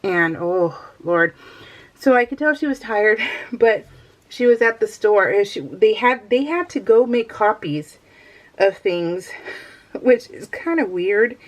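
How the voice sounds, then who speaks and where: A woman's voice: mid-range voice, expressive, takes it slowly. A middle-aged woman talks casually to her viewers as she works on a craft project. She rambles from thought to thought and often breaks into light laughter. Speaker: crafting vlogger. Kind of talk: casual chat while crafting.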